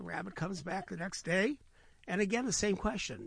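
Older male storyteller, animated, slightly high voice, dry studio sound. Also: normal speed, gravelly, husky, no room sound. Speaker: storyteller guest. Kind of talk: telling a folk tale.

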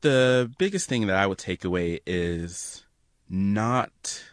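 A man's voice: on the low side, lively intonation, takes it slowly, no echo, studio quality. A young man telling an earnest, reflective personal story to an audience. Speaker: storyteller and guest.

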